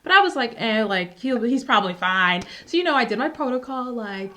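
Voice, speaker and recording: A woman's voice: fairly high pitch, normal speed, few pauses. A young woman hosting a podcast, telling stories in casual chat with lots of fillers. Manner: animated storytelling, many "like" fillers. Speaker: podcast host.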